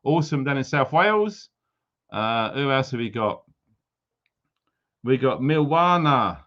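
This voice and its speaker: A man's voice: mid-range voice, very animated, a little slow, fairly bright tone. A man chatting casually on a livestream, full of teasing banter and playful jabs. His voice sits mid-range and sounds a little muffled, as if captured through a modest lo-fi mic. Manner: jokey, teasing banter with viewers. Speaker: livestream host.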